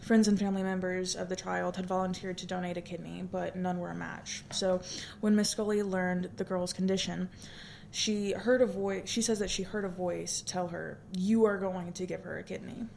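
She is a young-sounding woman co-hosting a loose, chatty podcast. Her voice has a gravelly fry, and she teases her co-hosts between stories. A faint hum of room noise sits behind her. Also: fairly low pitch, fairly even intonation, normal speed, darkish tone. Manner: teasing, laughing, a little scattered. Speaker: podcast co-host. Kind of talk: casual chat reading news stories.

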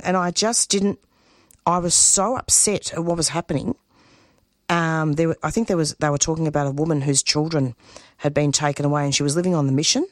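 A woman, a community radio producer speaking as an interview guest, earnest and emotional, halting and restarting her sentences. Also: deep voice, dry recording, clean studio sound. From Australia. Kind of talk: interview guest, spontaneous talk.

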